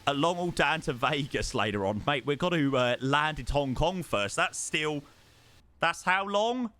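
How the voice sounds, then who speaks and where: A man's voice: on the high side, lively intonation, a little slow, sharp tone. A young man, chatting casually with viewers on a live stream and thanking them by name.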